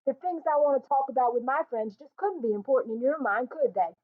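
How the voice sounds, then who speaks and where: A woman voicing a weary, sharp-tongued young mother, blunt and scolding. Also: sits high, expressive, fairly quick, pitched above the performer's own voice. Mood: bitter, scornful. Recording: tinny phone-like sound.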